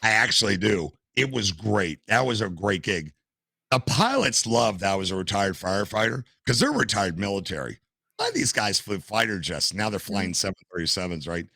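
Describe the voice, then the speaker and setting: Older male guest, low gravelly voice with a bright edge, animated storyteller. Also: fairly quick, no room sound. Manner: animated storyteller, acts out quotes. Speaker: podcast guest, gamer and streamer. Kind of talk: casual storytelling interview.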